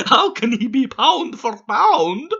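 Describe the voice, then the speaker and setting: A man doing a high, slow, sneering cartoon boy-genius voice for a know-it-all internet troll. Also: very animated, creaky, fairly bright tone, breathy edge, dull audio, heavily acted. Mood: mocking.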